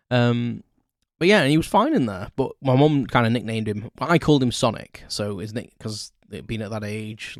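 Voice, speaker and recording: A man's voice: on the low side, no echo, clean studio sound. A man hosting a solo podcast, telling childhood stories in a rambling, self-correcting way with chuckles. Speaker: podcast host. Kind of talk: casual solo storytelling.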